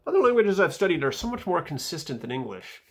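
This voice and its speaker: A man reading his own footnotes aloud in a casual vlog, dry and wry, with fillers and soft mumbled asides. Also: on the high side, very animated, fast talker, a little hiss or hum.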